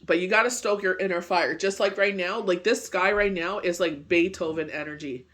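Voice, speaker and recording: A man's voice: sits high, moderate pace, a bit bright. A man giving a casual daily tarot reading, rambling with lots of "you know" and "it's just like", still getting over a bad cold. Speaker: tarot reader.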